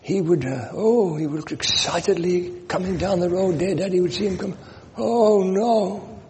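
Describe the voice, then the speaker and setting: Seventy-something preacher in a reverberant hall. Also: male voice, sits high, a little mellow. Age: 70s. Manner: slow, emphatic scripture reading. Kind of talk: storytelling sermon. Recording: long reverb, faint noise.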